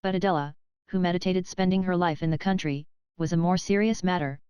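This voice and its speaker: A woman narrating an audiobook in a measured, even reading. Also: lowish voice, clean tone, no room sound, dull audio. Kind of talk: scripted narration.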